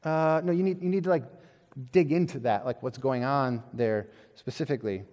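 A male pastor preaching a sermon in a conversational, animated way, with self-deprecating humor and acted-out quotes. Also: medium pitch, normal speed, in a large hall.

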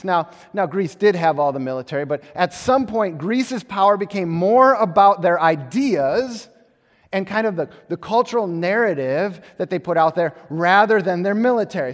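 A male pastor giving a conversational, animated sermon, often repeating words as he restarts. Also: high voice. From United States. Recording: long hall reverb.

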